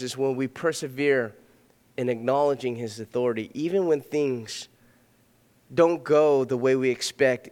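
A man preaching a sermon as pastor, earnest, swinging between loud emphatic passages and soft hushed ones. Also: medium pitch, clear, resonant tone. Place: church sanctuary. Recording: long reverb of a hall.

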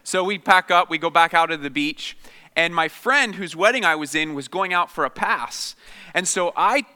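Guest speaker, male, 30s; smooth, resonant voice; chatty and self-deprecating, lots of fillers. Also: on the high side, moderate pace, bright, forceful tone. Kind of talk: humorous personal storytelling to an audience. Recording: long reverb of a large hall.

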